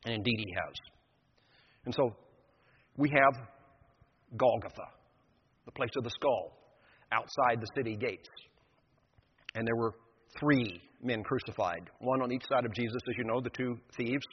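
A man's voice: mid-range voice, moderate pace, long pauses, a little hiss or hum. An older man preaching a sermon, retelling a scripture story with vivid, emphatic storytelling. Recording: dull lo-fi sound in a reverberant hall.

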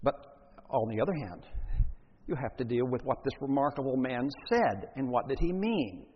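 Reading scripture aloud before expounding on it with deliberate emphasis, a male preacher delivers his sermon in a slightly husky, mid-range voice with lively intonation. A large hall gives the dull, lo-fi recording a long reverb.

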